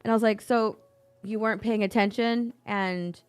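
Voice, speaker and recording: Animated woman telling a story. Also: medium pitch, normal speed, smooth. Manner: animated storyteller, acts out quotes. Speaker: stream co-host. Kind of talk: casual chat while painting.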